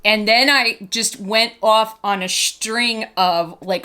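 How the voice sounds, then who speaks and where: A woman in her fifties, a doll collector, telling stories and reviewing a doll in a chatty, animated way, full of "like" fillers. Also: mid-range voice, measured pace, hardly any pauses. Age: 50s. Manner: enthusiastic about the doll. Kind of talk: casual vlog chat and storytelling.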